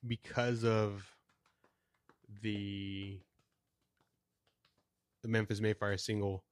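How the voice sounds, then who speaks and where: A man's voice: fairly low pitch, flat delivery, extremely slow, clean tone, no room sound. A young man co-hosting a music podcast, chatting casually, swearing freely and laughing often. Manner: laid-back, swears a lot, laughs often. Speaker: podcast co-host. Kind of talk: casual chat.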